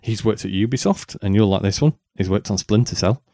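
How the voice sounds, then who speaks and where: Male podcast co-host, lowish and dry, full of ums and restarts. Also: fairly quick, warm tone, no echo. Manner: chatty, rambling with many ums and restarts. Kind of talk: casual chat.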